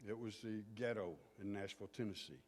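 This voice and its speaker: A man from southern Indiana, a pastor telling stories in a sermon in a folksy, unhurried way. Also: lowish voice, a little mellow. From southern Indiana, USA. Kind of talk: sermon storytelling. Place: church sanctuary. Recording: long hall reverb.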